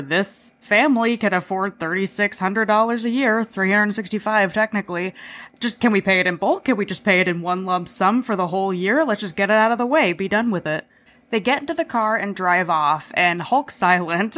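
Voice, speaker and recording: A woman's voice: mid-range voice, expressive, moderate pace, fairly bright tone. A woman hosting a podcast, recapping an episode in a chatty way, with swearing and self-deprecating asides. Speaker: podcast host.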